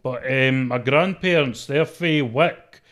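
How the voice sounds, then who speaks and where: Scottish man, deep strong voice, shy, hesitant, lots of fillers, guest in a casual interview. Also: slow pace, a bit bright. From Scotland.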